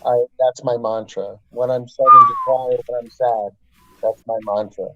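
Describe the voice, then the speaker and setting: A man's voice: mid-range voice, wildly swooping pitch, normal speed, lo-fi sound, very noisy. A man speaking as an interview guest in a laid-back, earnest way, often calling the host "man" or "brother". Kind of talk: casual interview chat.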